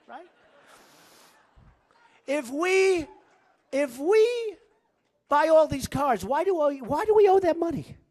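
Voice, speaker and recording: Male candidate at a rally; boastful, repetitive, off-the-cuff delivery, lively up-and-down pitch. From United States. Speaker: political candidate speaking at a rally. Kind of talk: campaign rally speech. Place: large indoor rally venue.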